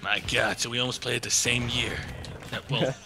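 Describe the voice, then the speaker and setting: A man's voice: medium pitch, fairly even intonation, normal speed, gravelly. A young man cracking crude jokes in casual banter while commentating a video game with a friend. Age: young adult. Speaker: gaming channel host. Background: game music.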